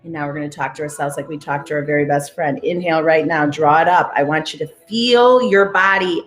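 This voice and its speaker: A woman's voice: deep voice, brisk. Woman, guided breathwork coach, commanding and upbeat, roomy room, faint music behind. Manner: motivational, commanding, repeats cues. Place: live-streamed session in a roomy space.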